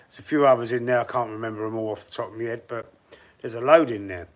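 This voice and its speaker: A man's voice: mid-range voice, quick pace. A Cockney man from the East End talks loosely to his viewers on a live stream and calls them by name. His talk rambles, with restarts and asides, and it stays casual from start to finish. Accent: East End London (Cockney). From London, East End. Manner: speaks straight to chat viewers by name. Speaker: football fan live streamer. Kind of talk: casual live stream chat, reading out comments.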